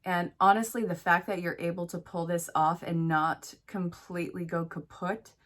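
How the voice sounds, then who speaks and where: A woman's voice: on the low side, fairly even intonation, moderate pace, a bit bright. A woman giving a solo tarot reading, speaking directly and encouragingly to the listener, with chatty asides. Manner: chatty asides, talks to spirit. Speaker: tarot reader.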